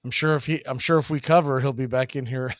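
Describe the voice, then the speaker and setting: A man hosting a casual baseball play-by-play stream, chatting between pitches. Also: quick pace, no echo, studio quality. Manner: relaxed, chatty, drifting into betting talk. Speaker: play-by-play announcer and show host.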